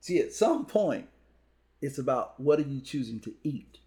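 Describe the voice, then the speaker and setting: Man, motivational speaker, mellow, emphatic, conversational podcast. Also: medium pitch, very animated, moderate pace. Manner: emphatic, storytelling with punchy repeated lines.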